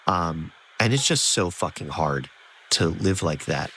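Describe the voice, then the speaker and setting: A man with a low voice hosting a podcast, speaking earnestly and searchingly with plenty of fillers. A faint hiss sits behind his voice. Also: animated, a little slow, a bit bright, low-quality recording. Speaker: podcast host. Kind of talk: empathetic conversational interview.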